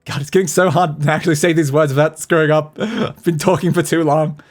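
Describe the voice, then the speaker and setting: A man's voice: on the high side, steady tone, a little fast. A man streamer making self-deprecating asides between reading a game story. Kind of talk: casual game commentary.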